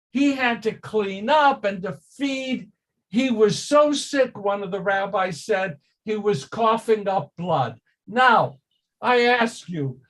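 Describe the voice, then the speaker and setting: Older male rabbi, high-pitched voice, slow deliberate teaching, quizzes the class. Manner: slow, emphatic, rhetorical questions to the class. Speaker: rabbi teaching Torah study. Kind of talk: informal Torah study class.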